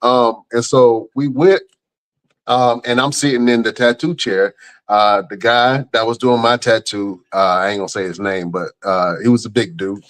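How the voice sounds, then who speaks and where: A middle-aged man with a drawl tells a story in relaxed podcast chat. His voice leaps in pitch as he laughs through the funny parts and drops low for the serious ones. He peppers it with slangy asides. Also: moderate pace. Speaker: podcast host.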